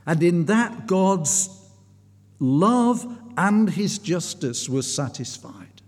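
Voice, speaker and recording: Speaking extremely slowly, a man with a high voice and big pitch swings preaches a sermon. His storytelling is earnest, full of restarts and rising in intensity, and the room carries a long hall reverb.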